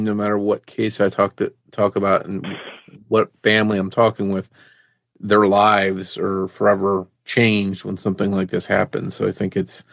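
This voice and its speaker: A man hosting a podcast interview and asking gentle, sympathetic questions. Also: lowish voice, vocal fry, no echo, studio quality. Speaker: podcast host.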